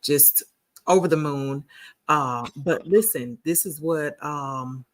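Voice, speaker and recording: A woman's voice: low-pitched, takes it slowly. A woman, hosting a casual livestream and chatting folksily with her viewers. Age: 40s. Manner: chatty, folksy, addresses viewers as sugars and honey. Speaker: livestream host.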